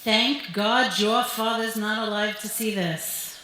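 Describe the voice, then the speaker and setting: A woman voicing her blunt, worried middle-aged mother, who fires off sharp, deadpan quips on a stage with echoing sound. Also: medium pitch, slow pace, slight background noise. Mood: exasperated. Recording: echoey club stage.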